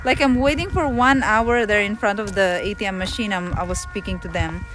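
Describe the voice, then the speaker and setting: Animated Filipino woman telling a travel story. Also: fairly quick, over music. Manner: animated, rambling, speaks loud and high when nervous. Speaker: travel streamer. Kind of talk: casual IRL livestream storytelling.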